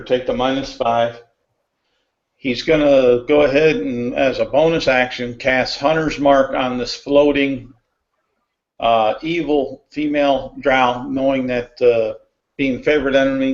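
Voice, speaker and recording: A man playing in a tabletop role-playing game, describing his character's moves in a plain, matter-of-fact way. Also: mid-range voice. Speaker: player. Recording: dull lo-fi audio.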